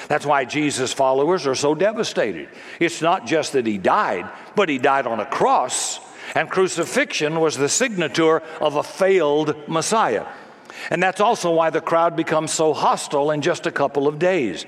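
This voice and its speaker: Dramatic preacher in a reverberant hall. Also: male voice, fairly high pitch, animated, moderate pace, fairly bright tone. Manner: dramatic preaching, acting out crowd voices. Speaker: pastor. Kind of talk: sermon.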